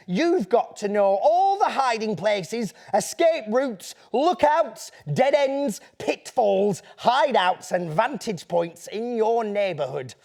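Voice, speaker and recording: A man's voice: high-pitched, voice pushed up, exaggerated voice. A man voicing a cheeky, boastful young boy prankster with a Northern English accent, reading a children's book aloud in character. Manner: bouncy, conspiratorial, boastful storytelling.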